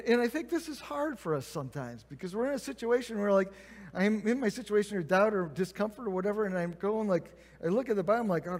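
High-pitched guy preaching in a big echoey church, chatty, acts out the quotes. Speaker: pastor. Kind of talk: sermon. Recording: long reverb of a church hall.

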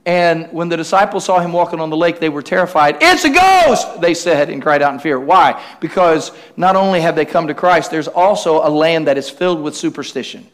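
A male pastor preaching a lively sermon, calling out to the congregation and acting out the voices of the disciples. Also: on the high side, fairly quick, hardly any pauses. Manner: preachy, call-and-response, acts out voices of the disciples.

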